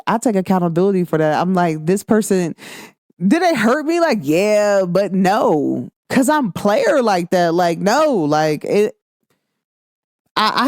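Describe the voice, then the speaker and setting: Animated woman podcaster, dry close sound. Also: mid-range voice, dry recording. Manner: animated, expressive, acts out quoted lines. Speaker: podcast host. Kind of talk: casual chat.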